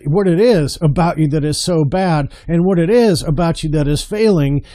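A middle-aged man delivering an impassioned sermon-style talk to other men, hammering points home through repetition and calling them brother. His voice sits high for a man yet sounds mellow and soft-edged. He builds intensity as he presses each point. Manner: emphatic, repeats words, calls listeners brother. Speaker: men's marriage speaker.

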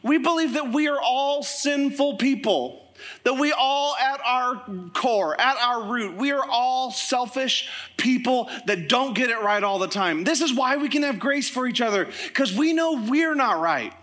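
A man preaching a sermon as pastor, telling joking stories in a lively way to his congregation. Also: extremely high pitch, a little slow. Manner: animated, joking storytelling. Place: church service with congregation.

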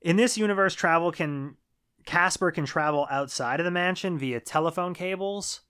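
A man co-hosting a podcast, casually recapping a movie with a laid-back manner, swearing now and then and trailing off quietly. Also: on the high side, normal speed, smooth. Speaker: podcast co-host.

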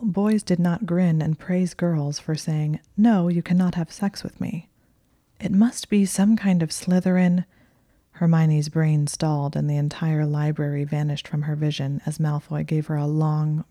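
Whispering slowly and quietly, a woman narrates a tale in a dark, low voice that never rises or falls. It's captured close-up and dry, without any room sound.

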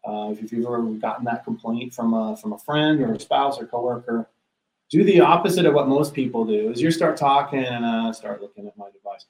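A man's voice: medium pitch, brisk, darkish tone, roomy sound, poor audio. A man hosting a casual business talk, earnest, often repeating words as he starts a sentence. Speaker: podcast host.

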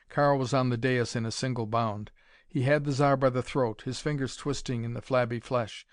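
A man's voice: medium pitch, steady tone, moderate pace, dry recording. A man narrating a dramatic pulp adventure story, reading it aloud in a dry recording.

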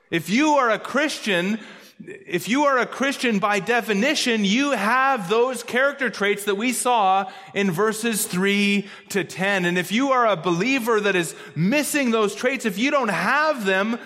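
A man preaching a sermon as pastor, emphatic, repeating key phrases and slowing down to stress them. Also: very high voice, fairly bright tone, long reverb tail.

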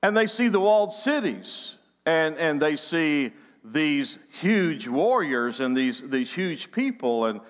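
A man's voice: a little high, very animated, slow pace. A man preaching a sermon, emphatic, with repeated phrases that build up. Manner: emphatic preaching with repetitions and rising build-ups. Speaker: pastor. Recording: long hall reverb.

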